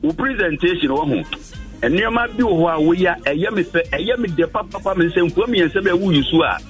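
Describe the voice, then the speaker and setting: A Ghanaian man calling in to a radio show, explaining fast in a mumbled way. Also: high-pitched, lively intonation, soft background music. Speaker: radio caller.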